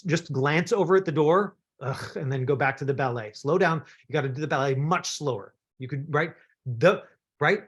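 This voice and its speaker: A man's voice: fairly high pitch, moderate pace, husky. A man from Canada coaching actors through self-tapes in a chatty, encouraging way, with plenty of fillers. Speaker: acting coach. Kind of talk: acting workshop instruction.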